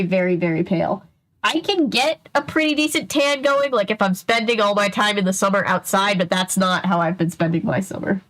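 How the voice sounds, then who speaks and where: A woman reading a children's mystery book aloud on a stream, breaking off to chat and answer comments. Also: medium pitch. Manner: chatty, digressive, reads aloud then comments and answers chat. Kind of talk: casual read-aloud with chat.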